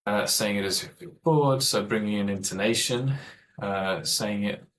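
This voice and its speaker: A man's voice: on the low side, moderate pace, fairly bright tone, a little hiss or hum, poor audio. A man giving an online training presentation for teachers, explaining methods in a thoughtful way and often correcting himself mid-sentence.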